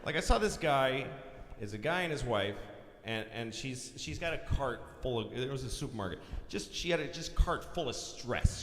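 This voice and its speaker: A man's voice: mid-range voice, a little mellow, a little hiss or hum. A man doing crude, exasperated stand-up comedy on a large concert hall stage. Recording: live concert hall recording.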